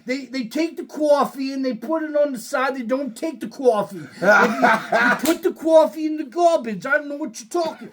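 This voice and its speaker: A man's voice: extremely high pitch, moderate pace, hardly any pauses, a bit bright, voice pushed up. A man voicing an angry male New York customer, ranting indignantly in a put-on New York accent.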